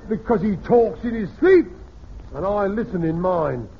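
A pompous, scheming old father who blusters and cadges in a high, swooping voice. His lines come through a dull, lo-fi vintage radio recording with a faint hiss underneath. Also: animated, a little slow, gravelly, exaggerated voice. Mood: conspiratorial. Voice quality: pompous, theatrical, hammy. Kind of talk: vintage radio sitcom acting.

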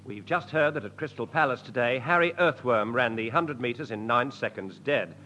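A man doing quick deadpan patter in a radio comedy sketch show. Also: medium pitch, slight background noise. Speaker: comedy performer.

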